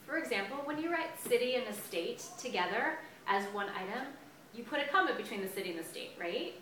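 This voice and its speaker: A woman teaches a grammar lesson in a chatty, upbeat way, drawing out words as she writes them on the board. Her voice is bright and clear. The sound is echoey and picked up from a little way off the mic. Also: a little high, lively intonation, a little fast, distant mic, a little hiss or hum. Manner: chatty, upbeat, stretches out words while writing. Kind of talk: classroom lesson at a whiteboard. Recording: echoey room, voice a bit off-mic.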